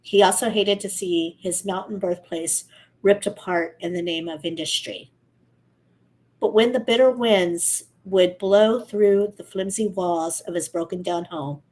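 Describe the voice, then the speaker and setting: A woman's voice: on the low side, a little mellow, low-quality recording. A woman co-hosting a podcast, reading a story aloud casually and steadily, now and then correcting herself.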